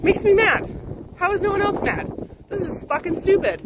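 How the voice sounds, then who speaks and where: A young woman venting in a heated, profane rant, swinging from high, animated outbursts to sarcastic asides. Her voice sits high and jumps around a lot. Loud wind and engine noise roars behind her as she talks from a moving vehicle. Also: normal speed. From Canada. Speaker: ranting vlogger.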